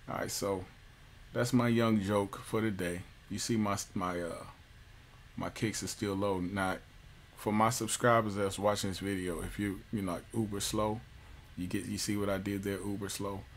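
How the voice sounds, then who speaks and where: A man giving a casual music software tutorial, loose and jokey, with slang and lots of fillers. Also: on the low side, fairly even intonation, normal speed, slight background noise. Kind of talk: casual screen-recorded tutorial.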